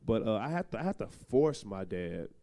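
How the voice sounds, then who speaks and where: A man's voice: lowish voice, big pitch swings, moderate pace, mellow. A young man talking candidly and loosely in a panel discussion, laughing now and then.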